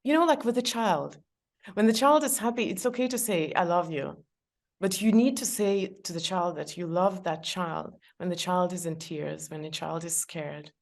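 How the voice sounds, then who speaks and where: Middle-aged woman, podcast guest, low gravelly voice, laughs often while giving advice. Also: moderate pace. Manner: warm, laughs often, gives practical advice. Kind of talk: podcast conversation.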